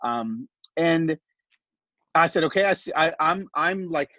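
A middle-aged man on a podcast, telling a heartfelt personal story in an animated, casual way full of fillers. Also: fairly high pitch, unhurried, dry recording, dull audio. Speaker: podcast guest.

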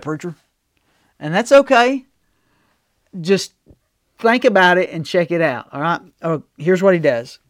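A male pastor preaching a sermon, telling folksy stories and swinging from loud to soft. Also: sits high, dry recording, studio quality. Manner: folksy storytelling with big swings in loudness.

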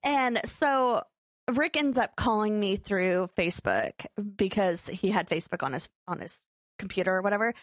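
A young adult woman hosting a podcast, telling a story in a casual chat, animated and acting out her own quotes with frequent laughter. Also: mid-range voice, normal speed, dry recording. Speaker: podcast co-host.

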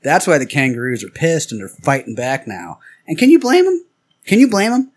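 A man's voice: fairly high pitch, wildly swooping pitch, fairly quick. A man joking around in casual, crude banter, riffing on absurd ideas. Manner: riffing, says dude and bro, swears.

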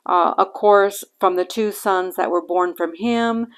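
A woman hosting a bible-reading podcast, talking in a halting, earnest way with many fillers and restarts. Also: medium pitch. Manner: earnest and reflective. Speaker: podcast host reading scripture.

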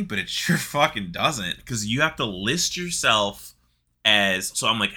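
A man with a lowish voice, speaking a little slowly, chats casually about a video game. He's an animated storyteller, swearing and laughing as he goes.

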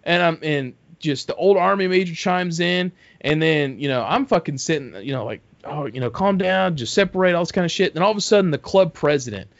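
A man's voice: fairly high pitch, lively intonation, brisk, few pauses, no room sound. A man telling a long story in casual podcast chat, rambling, swearing heavily and acting out what people said. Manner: rambling, heavy swearing, acts out quotes. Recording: dull dry close mic.

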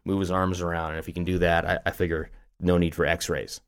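A middle-aged man co-hosting a podcast, telling stories in an animated way with lots of restarts and laughs. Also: low voice, brisk, smooth. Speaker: podcast co-host. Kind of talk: casual chat.

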